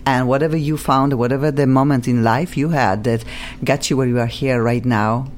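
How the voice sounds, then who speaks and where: A woman with a Polish accent hosting a radio talk show, effusive and gushing in halting English. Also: a bass voice, steady tone, a little mellow. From Poland. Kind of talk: casual radio chat.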